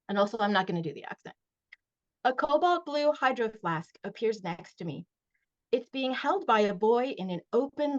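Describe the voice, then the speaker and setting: A woman author reading aloud from her middle-grade novel at a virtual launch event, expressive in the first person, with short casual recaps. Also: mid-range voice. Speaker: children's book author. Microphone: video call. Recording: dull lo-fi video call audio.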